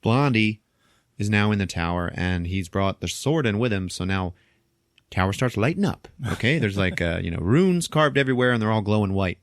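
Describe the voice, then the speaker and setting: A podcast host retells a film's plot in casual, animated chat, laughing often and swearing freely. His voice sits low. The sound is dry and close, with no room echo. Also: moderate pace. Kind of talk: casual film recap.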